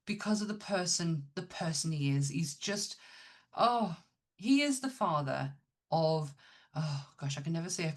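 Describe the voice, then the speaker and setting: A woman's voice: low-pitched, a bit bright. A woman co-hosting a podcast, chatting enthusiastically about films with lots of restarts. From Northern England. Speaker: podcast co-host. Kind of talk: casual chat.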